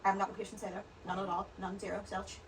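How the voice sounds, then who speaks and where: A woman talking quickly and rambling from one story to the next in a relaxed podcast chat. Her voice sits at an ordinary middle pitch. She is recorded a little distant from the mic, with a faint hiss underneath. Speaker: podcast guest. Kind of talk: casual chat.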